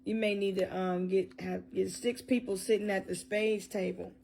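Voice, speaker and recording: A woman's voice: mid-range voice, flat delivery, normal speed, gravelly, a little mellow, slight background noise. A woman giving a loose, joking tarot reading, freestyling and cursing as she goes. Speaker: tarot reader.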